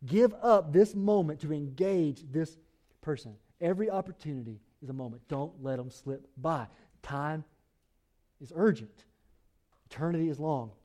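A man's voice: on the high side, normal speed, warm tone. Urgent, exhorting man preaching a sermon. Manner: urgent, exhorting, direct address to the congregation. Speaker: pastor. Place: church.

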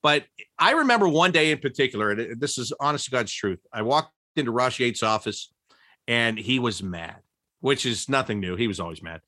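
A man telling old team stories in an interview, laughing often and jumping high in pitch when he quotes people. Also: fairly quick, dry recording, studio quality. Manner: animated, laughing storyteller with big pitch jumps when quoting. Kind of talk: storytelling interview.

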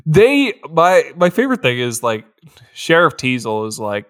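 A man co-hosting a casual film podcast, excitable and swearing, laughing often as he recaps his favorite moments. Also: fairly high pitch, moderate pace. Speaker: podcast co-host. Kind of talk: casual movie recap chat.

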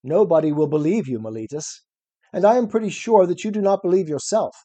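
Briskly and with animation, a man with a high-pitched, mellow voice reads a classic dialogue as an old philosopher defending himself at trial. His questioning is ironic, probing and cross-examining.

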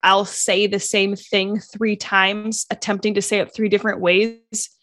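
A woman's voice: medium pitch, flat delivery, a little slow, a bit bright. A woman co-hosting a casual chat, self-deprecating and laughing often.

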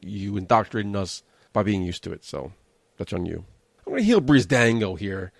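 A man's voice: fairly low pitch, a little fast, no room sound, studio quality. A man in his thirties ranting bluntly and sarcastically in casual chat, giving his opinions on wrestling. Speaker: wrestling commentator.

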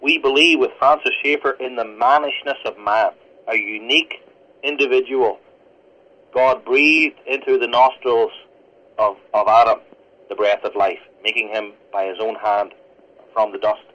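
A man from Northern Ireland, a pastor, speaking as a radio interview guest in a fast, earnest teaching manner. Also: medium pitch, steady tone. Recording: lo-fi radio broadcast.

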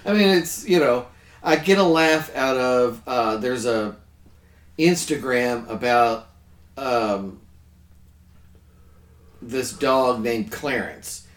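A man hosting a podcast in a relaxed, rambling way, often breaking in to agree. His voice sits at an ordinary middle pitch. The recording has a roomy echo around it. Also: slow, pauses often. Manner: chatty, affirms often with "yes". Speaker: podcast host. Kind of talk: casual podcast discussion.

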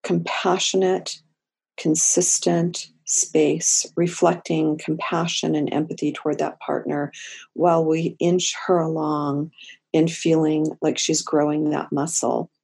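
A woman therapist speaking in a podcast interview, slow and deliberate with gentle emphasis. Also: deep voice, little pitch movement, gravelly, slightly rough. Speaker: therapist and guest.

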